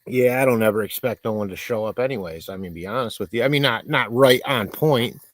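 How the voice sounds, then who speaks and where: A man's voice: mid-range voice, a little fast, no echo. A man hosting a livestream, rambling in casual chat and reading viewers' comments aloud, congested and coughing. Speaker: livestream host.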